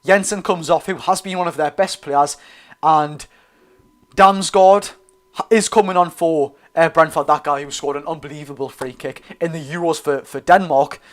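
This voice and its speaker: A man's voice: a little high, moderate pace. A young man with a Geordie accent hosting a live football watchalong, commentating casually, correcting himself and chatting to viewers. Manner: chatty, self-correcting, addresses viewers as lads. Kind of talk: live match commentary and chat.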